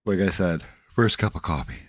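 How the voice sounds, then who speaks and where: A man's voice: low voice, moderate pace, dry recording, clean studio sound. A man hosting a casual livestream, rambling bluntly with profanity and frequent restarts, groggy from just waking up. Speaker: livestream host.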